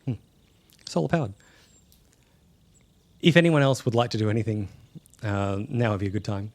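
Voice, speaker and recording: A man running a tabletop role-playing game, narrating scenes and joking with his players in a relaxed, playful way. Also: lowish voice, moderate pace. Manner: easygoing, playful, punning. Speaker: game master.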